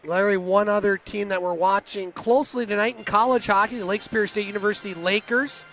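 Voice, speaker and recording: A man calling hockey play-by-play in rapid, clipped phrases, with chatty asides to his partner and listeners. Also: high voice, steady tone, a bit bright, a little hiss or hum. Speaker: play-by-play announcer.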